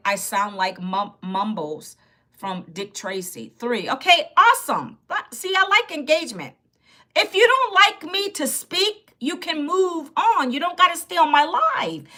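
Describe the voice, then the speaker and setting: Woman, 50s, livestream host, high bright voice, a bit hoarse, emphatic and chatty. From Virginia, United States. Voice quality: slightly hoarse from yelling. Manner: chatty, emphatic, repeats herself, talks straight to the chat. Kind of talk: casual live-stream talk to viewers.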